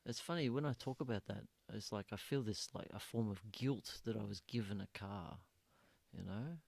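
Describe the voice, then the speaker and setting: Brief: laid-back man with a gravelly voice recorded dry, chatting casually and agreeing a lot. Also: fairly low pitch, normal speed, a little mellow, dry recording. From Australia. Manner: mostly listens with murmured agreement, laughs easily. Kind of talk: casual chat.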